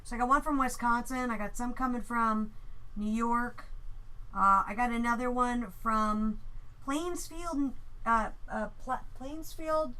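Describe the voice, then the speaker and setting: A woman's voice: a little high, unhurried, sharp tone. A woman artist hosting a livestream, chatting casually and rambling to herself as she paints in her studio. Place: art studio.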